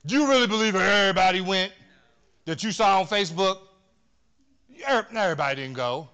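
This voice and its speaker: Male pastor, high and sharp-toned, punchy conversational sermon in a church. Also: animated, brisk, clear, resonant tone. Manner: emphatic, conversational preaching with many repeated words. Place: church sanctuary.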